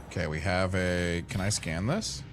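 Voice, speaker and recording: A man's voice: sits low, normal speed, over music. A man streaming a game, chatting casually to his viewers, rambling and swearing freely. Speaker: gaming streamer. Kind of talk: casual gameplay chat.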